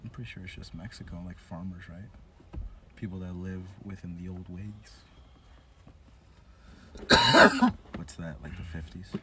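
A man co-hosting a casual podcast chat, animated and joking, swearing freely. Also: low-pitched, measured pace, long pauses. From United States. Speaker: podcast co-host. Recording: distant mic with background hiss.

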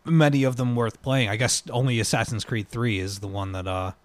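A man chatting casually about video games, an animated storyteller who bursts into loud pirate cries. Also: medium pitch, brisk, no room sound.

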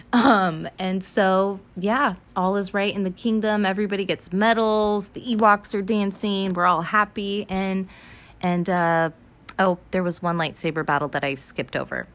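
Young woman with a low-ish voice, casual and sweary, for a fan recap vlog. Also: moderate pace. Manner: chatty, profane, animated retelling. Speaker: vlogger recapping an animated film.

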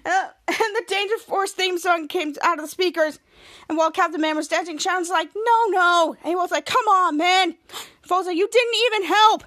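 A woman with a very high-pitched, fairly bright voice hosts a podcast, casually recapping a TV episode scene by scene. She quotes the characters' lines as she retells each moment, restarting sentences and saying "cut to" between scenes.

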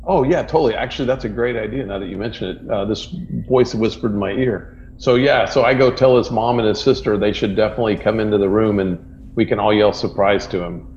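A man's voice: lowish voice, brisk, darkish tone, lo-fi sound, slight background noise. A man playing a tabletop game, casual and agreeable. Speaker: player.

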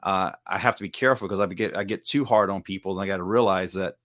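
A man's voice: low voice, fast talker, fairly bright tone, no echo, clean studio sound. A middle-aged man from the Southern United States, a martial arts instructor, talking in an earnest, rambling way in a casual podcast chat. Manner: rambling, earnest, self-correcting.

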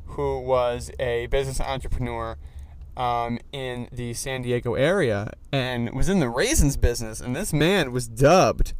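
A young man hosting a podcast, rambling casually and excitably from behind the wheel of a car. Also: medium pitch, moderate pace, smooth, no echo. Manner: rambling, heavy filler "like", excitable. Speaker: podcast host. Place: in a car, driving. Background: faint vehicle noise.

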